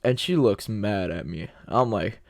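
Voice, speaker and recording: A man's voice: lowish voice, measured pace, creaky, a little mellow, no room sound, clean studio sound. A young man vlogging a casual story time, telling it in a loose, slangy way with lots of quoted back-and-forth.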